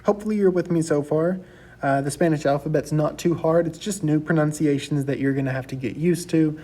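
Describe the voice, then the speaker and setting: A male teacher narrating a recorded class lecture, slowly repeating each sound so students can follow along. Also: a little high, dark tone. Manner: slow, patient letter-by-letter drilling with repetition.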